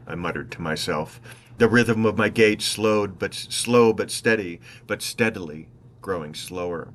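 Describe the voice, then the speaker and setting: A man with a fairly low voice reads his own travel story aloud, unhurried and reflective. He wanders off into wry asides and sometimes corrects himself mid-line, over a faint hum in the background. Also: fairly bright tone. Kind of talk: first-person travel story narration.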